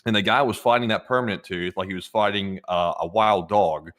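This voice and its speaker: A man's voice: lowish voice, steady tone, brisk, a bit bright. A man co-hosting a live stream in casual chat, rambling with many fillers and restarts.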